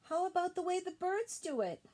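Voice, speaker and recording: A small, caring boy animal in a children's storybook, acted by a woman reading aloud. He talks eagerly in a very high voice. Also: animated, normal speed, dark tone.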